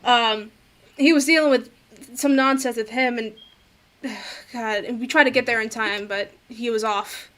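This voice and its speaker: A woman voicing a gruff, crude, middle-aged male small-town cop who swears and grumbles. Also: on the high side, fairly even intonation, unhurried, a bit bright. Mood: explaining.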